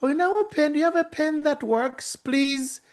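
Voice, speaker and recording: A man voicing a slow, chatty woman at an airport lost-luggage desk, in a high sing-song way.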